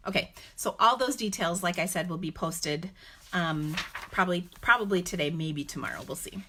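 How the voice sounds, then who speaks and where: A woman's voice: fairly low pitch, moderate pace, pushed and bright, slight background noise. A woman hosting a live card-making stream, talking in a chatty, rambling way with many fillers. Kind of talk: casual live-stream talk.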